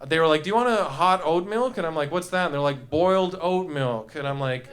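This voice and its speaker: A man's voice: a little high, brisk, fairly bright tone. A young man doing loose stand-up comedy on a club stage, rambling goofily and riffing with the audience. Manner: goofy, rambling, jumps into silly voices.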